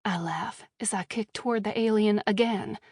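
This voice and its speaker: A woman narrating a first-person audiobook with a wry, measured delivery, recorded close in a studio booth. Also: mid-range voice, darkish tone, husky, no room sound.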